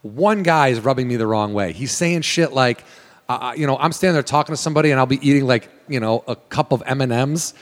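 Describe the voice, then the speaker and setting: A man telling a rambling story in a loose, profane way, slipping into other people's voices as he quotes them. His voice sits at a middle pitch. It has a long hall-like reverb around it. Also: quick pace. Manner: animated, swears, acts out quoted voices. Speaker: guest actor. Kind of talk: casual storytelling chat.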